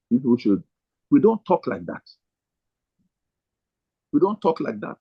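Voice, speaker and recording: Man, pastor's sermon-style teaching, emphatic repetition, husky voice, muffled sound. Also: mid-range voice, sing-song, normal speed, long pauses. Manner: emphatic, repeats key phrases. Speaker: pastor training other pastors.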